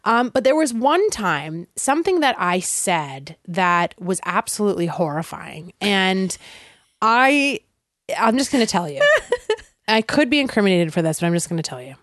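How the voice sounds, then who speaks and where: A young woman telling a story in casual chat, animated and laughing, full of "like". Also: medium pitch, moderate pace, no echo, clean studio sound. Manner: animated, laughing, lots of "like" fillers.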